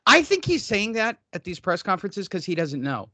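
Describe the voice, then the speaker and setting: Excitable bright-voiced male podcast host. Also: high-pitched, no echo. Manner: excitable, joking, quick to interrupt. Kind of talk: casual boxing talk. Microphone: headphones, podcast mic.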